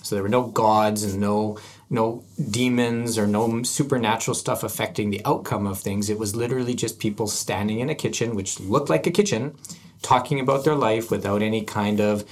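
A man's voice: on the low side, fairly even intonation, a little fast. A man hosting an arts podcast, chatting casually and thinking aloud with frequent restarts. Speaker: podcast host. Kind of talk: casual chat.

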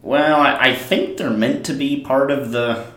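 A man's voice: medium pitch, unhurried, fairly bright tone. A man co-hosting a casual podcast about movies, talking enthusiastically and retelling scenes with a laugh now and then. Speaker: podcast co-host. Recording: roomy echo.

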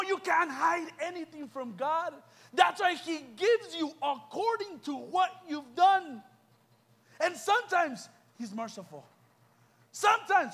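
A young adult man delivers a youth sermon in a strikingly high voice. He is fervent and urgent, constantly turning to the crowd with rhetorical questions. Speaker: youth preacher. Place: church youth event.

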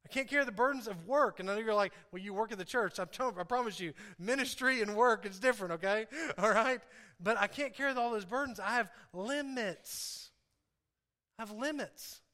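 A man's voice: sits high, moderate pace, sharp tone. A pastor preaching a sermon, earnest and confessional, who repeats his key phrases for emphasis and speaks straight to his congregation.

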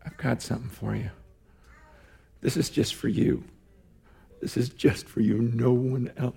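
Almighty God speaking close and soft, as a male preacher puts him on, his voice dropped far below the preacher's own high tone and slipping by quickly. The words are quiet and intimate. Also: fairly even intonation, gravelly, breathy edge, exaggerated voice. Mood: tender.

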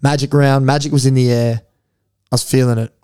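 Smooth-voiced laid-back Australian young man. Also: medium pitch, little pitch movement, brisk, mellow. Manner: laid-back, slangy, swears freely. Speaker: podcast co-host. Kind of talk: casual chat.

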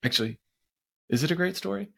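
A man, co-hosting a podcast and telling stories in animated casual chat, acting out the lines of the people in them. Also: fairly high pitch, fast talker, creaky, breathy edge. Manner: animated storyteller who acts out quotes. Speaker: podcast co-host.

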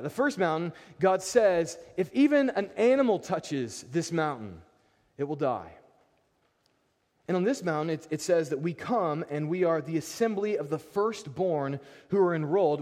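A pastor preaching a sermon, animated and emphatic, often repeating words as he builds a point. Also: on the high side. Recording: long reverb of a large hall.

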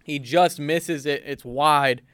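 A man's voice: a little high, fairly even intonation, slow pace, a bit bright, clear, resonant tone, no room sound. Young man doing mock sports commentary. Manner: mock-serious broadcaster tone with fillers. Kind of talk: playful play-by-play commentary.

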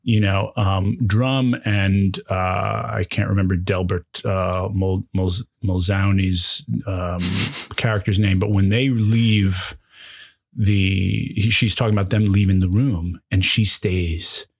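A man's voice: low voice, fairly even intonation, slow, gravelly, breathy edge. A man in his forties hosting a casual film discussion, talking effusively and emotionally, tripping over his own restarts as he gushes. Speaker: podcast host.

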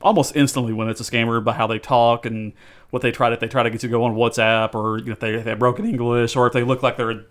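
A man's voice: mid-range voice, flat delivery, racing, a bit bright. A man co-hosting a casual podcast, talking in a rambling way with restarts. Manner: rambling with frequent restarts and laughter. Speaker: podcast co-host.

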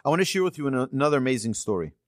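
A man's voice: medium pitch, very fast, dry recording, clean studio sound. Earnest man telling a sermon story. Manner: earnest, animated storyteller with rising emphasis. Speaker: rabbi giving a talk.

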